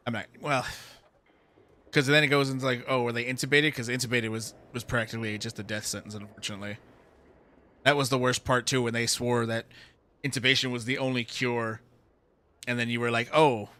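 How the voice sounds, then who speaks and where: Man, game streamer, bright forceful voice, heated, swearing, ranting. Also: medium pitch, no echo. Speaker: gaming streamer. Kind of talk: ranting commentary while playing a game.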